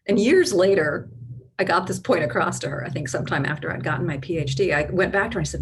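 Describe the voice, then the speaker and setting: A middle-aged clinical psychologist gives an educational talk to parents, walking through her points step by step and acting out quoted voices as examples. Her voice sits on the low side and moves fast, with a little hiss or hum in the audio.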